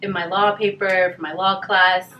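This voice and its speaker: A woman's voice: mid-range voice, normal speed, muffled recording. A young woman, a guest, telling stories from her school years in a casual conversation, acting out the people she quotes. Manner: animated storytelling, acts out quoted voices. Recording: distant mic, faint background noise.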